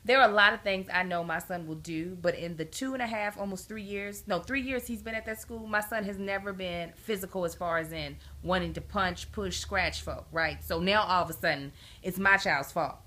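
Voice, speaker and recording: A woman vlogging to camera in a bright, tense voice, venting about a parenting problem. She is emphatic and animated and gets more indignant as she stresses her points. She talks casually and directly to her viewers. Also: fairly low pitch, normal speed, hardly any pauses. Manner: indignant, exasperated. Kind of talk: casual storytelling rant to camera.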